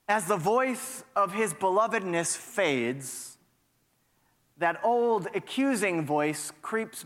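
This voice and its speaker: A man's voice: sits high, a bit bright, big-room sound. A male pastor preaching a reflective sermon in a church sanctuary and posing rhetorical questions to his listeners.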